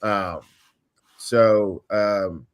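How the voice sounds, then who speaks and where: A man's voice: on the low side, fairly even intonation, drawn-out words, smooth. A male host on a casual livestream, explaining a timeline step by step with frequent ums and uhs.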